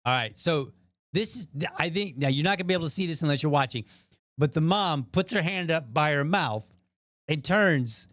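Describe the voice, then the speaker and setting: A man's voice: on the high side, animated, moderate pace, fairly bright tone, no echo. Dry-voiced, chatty man commenting. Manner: chatty, thinks aloud, frequent asides to viewers. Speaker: podcast host. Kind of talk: casual commentary on a viral video.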